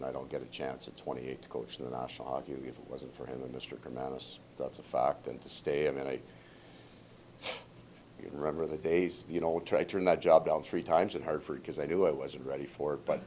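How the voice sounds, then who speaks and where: A man's voice: very deep voice, steady tone, fairly quick, dark tone, slight background noise. A man in his forties, a hockey coach, telling stories in a casual, rambling, self-deprecating way. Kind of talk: casual storytelling.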